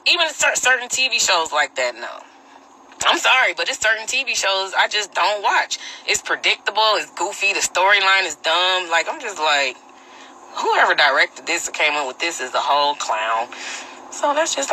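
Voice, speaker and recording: Blunt, very bright-voiced woman ranting live. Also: mid-range voice, poor audio. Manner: blunt, opinionated, slangy; reads and answers viewer comments. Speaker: livestream host. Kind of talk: casual livestream rant. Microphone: phone.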